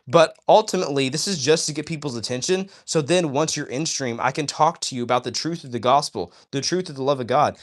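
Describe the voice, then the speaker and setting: A man hosting a casual livestream, talking straight to his viewers in an enthusiastic, preachy way and often asking "all right?". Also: a little high. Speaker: livestream host. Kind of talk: casual livestream chat, reading chat aloud.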